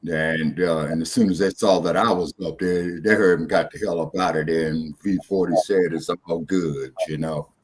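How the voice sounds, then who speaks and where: A man's voice: low voice, fairly even intonation, normal speed, hardly any pauses, slight background noise. A man hosting a casual talk show, easygoing and drawn out, with many fillers. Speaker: host.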